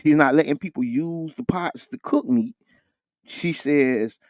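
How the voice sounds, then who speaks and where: A man co-hosting a morning radio talk show, with casual, animated banter. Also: a little slow, dry recording, highs cut off. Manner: animated, jumps high when joking, laughs often. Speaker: radio co-host.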